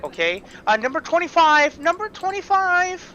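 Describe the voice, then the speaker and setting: A man's voice: on the high side, fairly even intonation, normal speed, slight background noise, poor audio. A man playing a harried tall baker woman. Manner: busy, clipped, calling out loudly.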